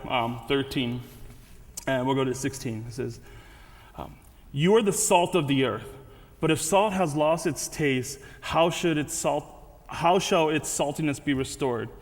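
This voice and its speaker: A man's voice: fairly high pitch, a little slow. A man giving a casual, conversational sermon with frequent restarts and asides. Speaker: guest speaker. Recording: reverberant hall.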